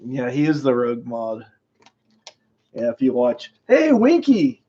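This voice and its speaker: A man's voice: medium pitch, wildly swooping pitch, measured pace, dark tone, husky. A man chatting casually on his live stream, rambling from one thing to the next and chuckling as he goes. He greets viewers by name. The sound is a bit dull and lo-fi.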